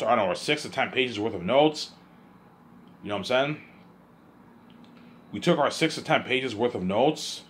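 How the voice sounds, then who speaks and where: A young man vlogging in a loose, rambling monologue at a mid-range pitch. He trips over repeated words and keeps asking whether the listener follows.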